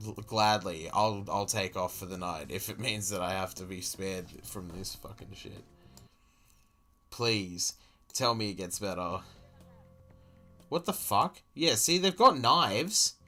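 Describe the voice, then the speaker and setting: An Australian-accented man streams his reaction to a video, giving profane, exasperated, incredulous running commentary. His voice is lowish, slow and sharp in tone, with soft music in the background.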